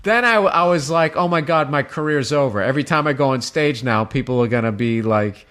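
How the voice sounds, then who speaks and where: Speaking a little fast in a mid-range voice, a Boston-accented male comedian appears as a guest in a casual interview, telling an on-stage story. His delivery is animated and full of swearing, and he performs the voices of the crowd.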